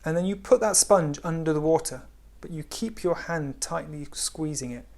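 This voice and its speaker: A man giving a spiritual talk in a gentle, unhurried way, often dropping to a hush. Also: a little high, lively intonation, gravelly. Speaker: spiritual teacher.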